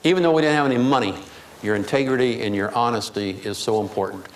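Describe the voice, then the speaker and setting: A man's voice: mid-range voice, quick pace. A man giving a speech to an audience, telling humorous anecdotes in a storytelling way. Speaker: keynote speaker. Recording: echoey hall with faint noise.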